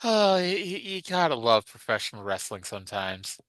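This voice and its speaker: Male podcast host, casual and jokey, crisp and dry close sound. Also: mid-range voice, big pitch swings, normal speed, fairly bright tone, no echo, rough recording. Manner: joking, swears freely, laughs often. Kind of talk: casual chat.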